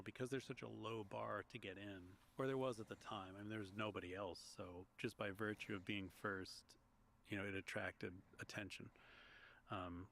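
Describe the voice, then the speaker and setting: With a lowish, fairly bright voice marked by vocal fry, this history podcaster and author from Long Island, United States, speaks as an interview guest. The conversation is relaxed, and he recounts his story reflectively, storyteller-fashion, with small restarts. Slight background noise sits under the recording.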